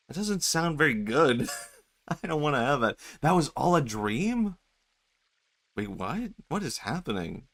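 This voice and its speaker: A man's voice: fairly high pitch, sing-song, a little slow, fairly bright tone. A man streaming a video game, chatting casually, laughing often, rambling and swearing. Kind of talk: casual gameplay commentary. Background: game music.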